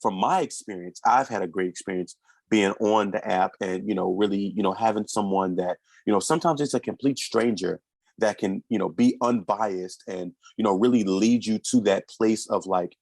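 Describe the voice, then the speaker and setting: A man in his thirties, a podcast guest, talking through parenting stories in a lively, conversational way and now and then acting out his children's voices. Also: on the low side, normal speed, vocal fry, no room sound. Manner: animated storytelling, acts out his kids' voices.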